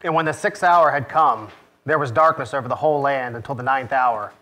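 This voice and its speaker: Male pastor reading scripture, expressive and measured, bright forceful tone. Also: medium pitch. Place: church.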